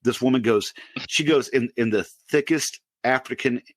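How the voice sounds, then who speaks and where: Co-host, man, late 40s, animated storyteller, close dry mic. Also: moderate pace, no echo. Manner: animated storyteller, pitches up for quoted outbursts, laughs often. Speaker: podcast co-host. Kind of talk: casual storytelling.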